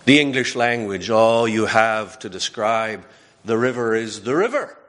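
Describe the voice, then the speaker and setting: A man putting on an exuberant French-Canadian man with a booming voice and a French accent. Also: lively intonation, a little slow, fairly bright tone. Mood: emphatic.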